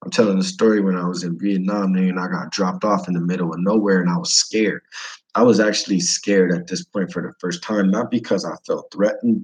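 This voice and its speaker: A man's voice: deep voice, darkish tone, low-quality recording. A man from the United States casually telling a travel story, slangy, profane and rambling.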